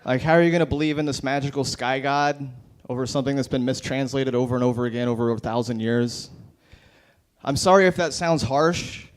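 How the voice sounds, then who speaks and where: A man performing stand-up at an open mic in a brewery, delivering deadpan one-liners into a handheld mic. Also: mid-range voice, a little fast. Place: brewery bar.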